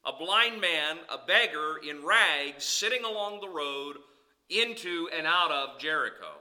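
A man preaching as a pastor, swinging between loud calls and soft, low asides. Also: animated, a little slow. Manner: preaching with sweeping rises and drops in pitch and volume. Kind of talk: sermon.

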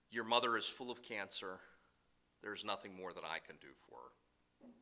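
A middle-aged man preaching a sermon, telling stories with sudden loud bursts and soft asides. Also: low-pitched, low-quality recording. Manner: animated storytelling, swings between loud bursts and soft asides. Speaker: pastor.

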